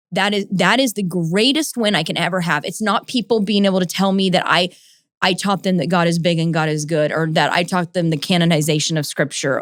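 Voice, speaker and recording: A woman's voice: lowish voice, no echo. Gushing, rambling woman, dry close mic. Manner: emotional, rambling, says "like" and "oh my gosh" often. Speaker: podcast host and ministry leader. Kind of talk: casual Q&A podcast chat.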